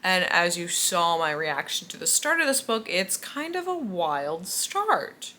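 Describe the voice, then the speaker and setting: A woman's voice: on the low side, sing-song, measured pace, sharp tone. Sleepy, chatty young woman vlogging late. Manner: chatty, self-mocking, yawning. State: sleepy, tired. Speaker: book vlogger. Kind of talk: casual late-night vlog chat. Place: at home indoors.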